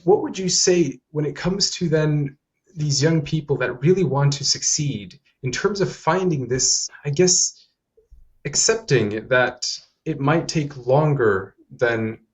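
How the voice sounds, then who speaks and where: A man hosting a podcast interview over a call, asking long, wordy questions and filling pauses with short agreements. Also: a little high. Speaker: podcast host. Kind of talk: casual interview conversation. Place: remote call from home.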